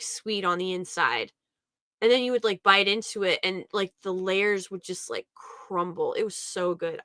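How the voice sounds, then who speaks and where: Bright, chatty young woman reminiscing. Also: mid-range voice, no echo, clean studio sound. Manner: chatty and rambling, laughs often. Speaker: podcast host. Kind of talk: casual storytelling.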